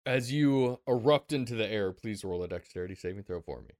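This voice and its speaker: A man's voice: lowish voice, animated, a little fast, a little mellow, no echo, clean studio sound. A man narrating a tabletop game as game master, laid-back, laughing often and swearing casually.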